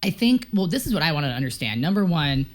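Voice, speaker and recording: A woman with a notably low, deep speaking voice, chatting loosely as a podcast guest. She talks freely, laughs easily and drops into little acted-out quotes as she goes. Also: big pitch swings, fast talker. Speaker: guest comedian. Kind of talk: casual podcast chat.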